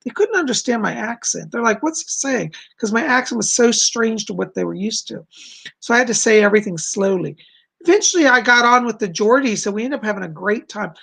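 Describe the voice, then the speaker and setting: An effusive American man chatting on his live stream. His voice sits high for a man, with a gravelly, husky edge. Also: lively intonation, brisk, a bit bright. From United States. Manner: effusive, gushing. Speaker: psychic host. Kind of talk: casual live stream chat.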